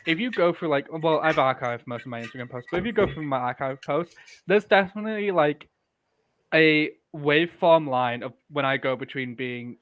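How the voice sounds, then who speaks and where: A man's voice: fairly high pitch, moderate pace, fairly bright tone. A man in his early twenties co-hosting a podcast, candid and opinionated, talking in long rambling runs. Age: 20s. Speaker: podcast co-host. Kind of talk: casual chat.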